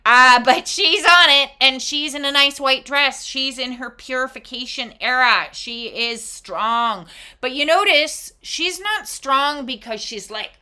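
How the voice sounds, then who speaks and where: A woman giving a casual, reflective oracle card reading, with expressive asides and casual swearing. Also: high voice, a little slow, smooth.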